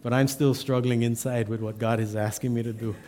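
Pastor telling a funny story. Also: male voice, medium pitch, fairly quick. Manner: animated storyteller, self-deprecating humor. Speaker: assistant pastor. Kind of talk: storytelling sermon.

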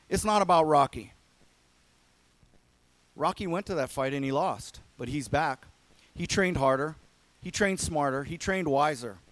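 A man preaching a sermon as a pastor in an earnest way, swinging between emphatic lines and hushed ones. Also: a little high, dry recording.

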